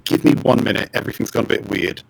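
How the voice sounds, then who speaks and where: A man's voice: on the low side, quick pace, creaky, slight background noise. A man acting as game master, narrating monster moves vividly for his players over a voice call. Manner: lively, vivid play-by-play of monster actions. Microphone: online voice call.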